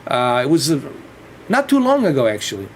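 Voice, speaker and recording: A man's voice: mid-range voice, huge pitch swings, fairly quick, slight background noise. A man chatting casually on a livestream, rambling and swearing freely. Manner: rambling and profane, with frequent restarts and laughs.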